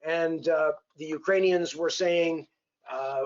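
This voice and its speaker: A man moderating an interview, polite and halting, with many fillers as he frames a question. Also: on the high side, steady tone, darkish tone, dull audio.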